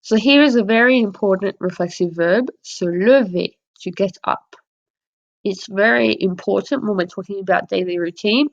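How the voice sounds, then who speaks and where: A French teacher with a medium-pitched, creaky voice walks through a slide lesson, explaining patiently and modelling example phrases. The audio is dull and lo-fi.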